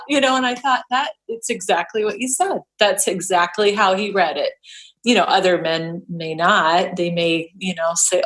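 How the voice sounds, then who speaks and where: A woman's voice: mid-range voice, animated, moderate pace, a bit bright. A middle-aged woman talking casually as a podcast guest, chatty with frequent restarts and laughter. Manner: chatty, many restarts and fillers, laughs often. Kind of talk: casual chat.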